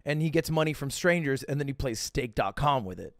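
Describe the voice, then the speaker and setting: Joking young streamer, dry sound. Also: male voice, medium pitch, dry recording. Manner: joking, animated, quick asides. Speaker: streamer reacting to videos. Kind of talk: casual live-stream commentary.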